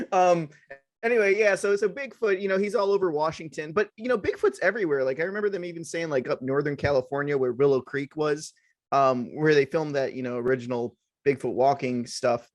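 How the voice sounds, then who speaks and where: A man's voice: on the high side, normal speed, no echo, studio quality. A man co-hosting a casual horror podcast, rambling through jokey stories. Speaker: podcast co-host.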